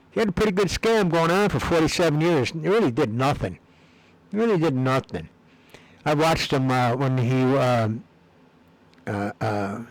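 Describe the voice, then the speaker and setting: A man's voice: medium pitch, no room sound, rough recording. A man talking in a rambling, casual monologue, meandering and repeating words with many fillers. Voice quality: gravelly. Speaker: video blogger.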